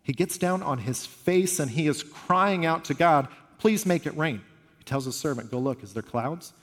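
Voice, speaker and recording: A preacher in a big echoing hall. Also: male voice, a little high, moderate pace. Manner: earnest, conversational, animated storytelling. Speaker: pastor. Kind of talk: sermon. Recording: long reverb of a large hall.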